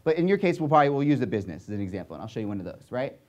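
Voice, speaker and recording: Young adult man, stage talk, animated storytelling, frequent check-ins with the crowd. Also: medium pitch, rapid-fire. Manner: animated, lots of "right?" and "okay?" check-ins. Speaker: speaker.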